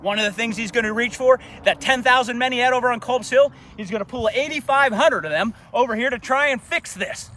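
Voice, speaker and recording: High bright-voiced man telling a battle story. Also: brisk, few pauses. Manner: dramatic storytelling with rhetorical questions. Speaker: battlefield historian guide. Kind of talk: live outdoor battlefield talk. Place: outdoors on a battlefield.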